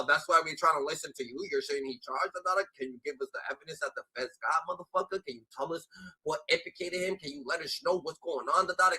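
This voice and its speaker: A man's voice: high voice, pushed and bright, slightly rough. A man streaming a heated, profane reaction to a clip, mocking it and filling gaps with a repeated "da, da, da".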